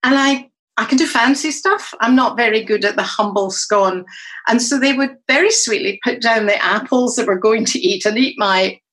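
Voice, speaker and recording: Animated middle-aged woman psychologist. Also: on the high side, moderate pace, low-quality recording. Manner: animated storyteller who acts out quoted dialogue. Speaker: psychologist and coach. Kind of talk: podcast guest interview.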